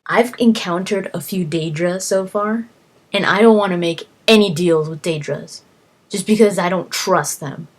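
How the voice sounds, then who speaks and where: A woman with a low-pitched voice casually tells stories from her game. She restarts her sentences often and acts out her own exclamations, and she sinks into a whisper when things get spooky. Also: moderate pace. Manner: animated, acts out exclamations, many fillers and restarts. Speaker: gamer recounting quests. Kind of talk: casual storytelling vlog.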